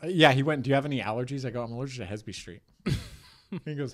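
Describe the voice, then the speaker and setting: A man's voice: medium pitch, racing. A young man co-hosting a podcast, telling a comic story in casual chat and laughing often as he acts out the people in it. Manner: animated, laughs often, acts out voices in anecdotes. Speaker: podcast co-host.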